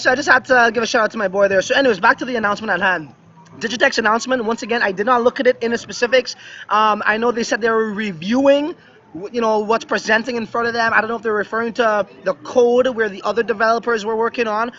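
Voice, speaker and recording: A man's voice: high-pitched, bright, forceful tone, dull audio. A man with West Indian roots live-streaming casually from a beach resort, chatty and often asking "right?". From West Indian background. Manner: chatty, repeats "right?" and "yeah, yeah". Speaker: crypto vlogger live streaming.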